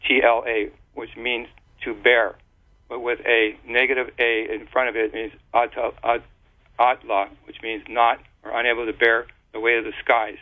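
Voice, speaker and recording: A man explaining at length in a casual, rambling way, stopping and restarting words often, heard over a phone line. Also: mid-range voice. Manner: rambling, halting with many restarts and fillers.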